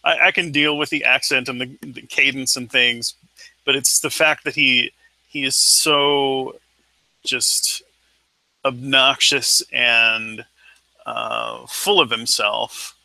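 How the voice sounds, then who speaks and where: A man co-hosting an online discussion show, talking in a measured, hesitant way with repeated words. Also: mid-range voice, steady tone, creaky, pushed and bright, no room sound, poor audio. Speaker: podcast co-host. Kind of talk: casual chat.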